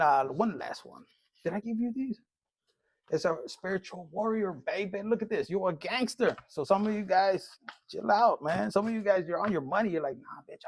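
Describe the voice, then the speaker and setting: A man giving a casual collective tarot reading, blunt and profane, joking and dropping in Spanish slang. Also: high voice. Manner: reads card messages aloud slowly. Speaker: tarot reader.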